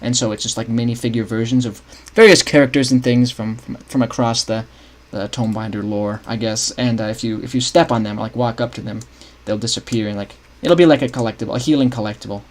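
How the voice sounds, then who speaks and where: A man's voice: mid-range voice, steady tone, quick pace, hardly any pauses. A young man casually talking through his game map scripting on a livestream, thinking aloud and chatting with viewers. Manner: thinks aloud, restarts often, chats with viewers. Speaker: streamer building a game map.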